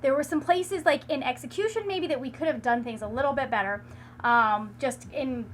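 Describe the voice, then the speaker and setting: A woman's voice: high-pitched, normal speed, slight background noise. A woman reviewing books in a casual vlog, gushing and chatty with lots of "like" and restarts. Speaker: book reviewer.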